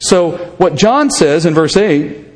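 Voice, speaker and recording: A man with a fairly high voice preaches a verse-by-verse sermon in an easy, conversational way, often turning questions back to the people listening. His words ring out with a long reverb from a large hall. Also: lively intonation, takes it slowly. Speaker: pastor. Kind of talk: expository sermon.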